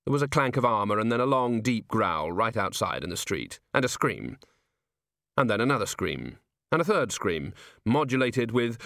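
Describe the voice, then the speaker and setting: Lively, wry male audiobook narrator. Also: mid-range voice, moderate pace, creaky, no echo, clean studio sound. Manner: wry, expressive storytelling.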